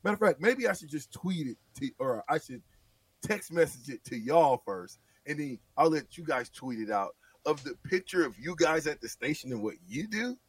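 A man bantering on sports radio, teasing and animated, his voice swinging from loud bursts to low mutters. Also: normal speed, husky, no room sound, far from the mic.

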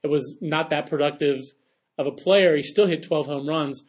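Man, podcast co-host, somewhat high voice, chatty sports banter. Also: normal speed, breathy edge. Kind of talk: casual sports talk.

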